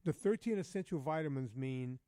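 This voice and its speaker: Blunt, animated man, slightly high voice. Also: normal speed, clean tone, no echo, clean studio sound. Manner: blunt, profane, animated storyteller. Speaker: guest, fitness trainer. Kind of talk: casual podcast chat.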